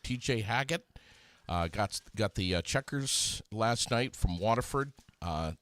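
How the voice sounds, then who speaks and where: Male podcast host, low and animated, chatty announcer with lots of fillers, dry mic. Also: measured pace, no room sound. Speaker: podcast host reading local news. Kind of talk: casual chat with announcements.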